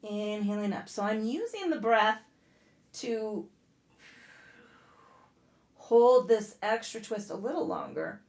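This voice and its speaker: A woman yoga instructor guiding a class out loud, casual and profane, breaking off into blunt joking rants. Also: fairly high pitch, animated, slow pace, long pauses. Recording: echoey room.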